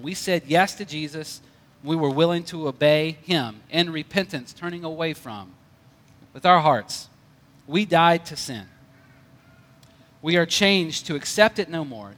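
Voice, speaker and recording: A man's voice: a little high, a bit bright, long reverb tail. A male pastor preaching a conversational sermon with light jokes.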